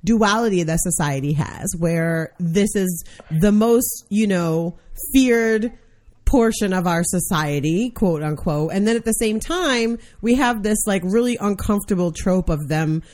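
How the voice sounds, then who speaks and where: A woman hosting a podcast in casual chat, talking in an emphatic, animated way. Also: medium pitch, measured pace. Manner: animated, emphatic, trails off into hums. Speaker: podcast host.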